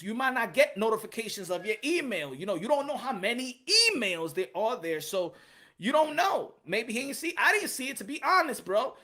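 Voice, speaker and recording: A man hosting a boxing channel livestream, chatting casually in a slangy way, animated and repetitive, reading out his chat. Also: extremely high pitch.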